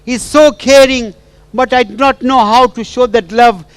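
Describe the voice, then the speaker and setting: A man's voice: very high-pitched, steady tone, unhurried, dry recording, pitched above the performer's own voice. A man acting out a young wife who cries and pleads with her absent mother. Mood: tearful. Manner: tearful, pleading, repeating "Ma".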